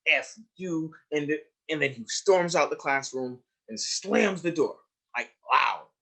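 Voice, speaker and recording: A man's voice: on the high side, animated, unhurried, creaky. A man presenting a webinar lecture on trauma, telling classroom stories emphatically and checking in with listeners with "right?" and "you see?". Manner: emphatic storyteller, swings between hushed and raised, stretched phrases.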